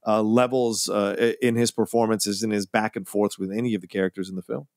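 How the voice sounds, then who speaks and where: A man's voice: fairly low pitch, fairly even intonation, quick pace, a little mellow, dry recording, studio quality. A man co-hosting a film podcast, talking enthusiastically in a rambling, casual way. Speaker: podcast co-host.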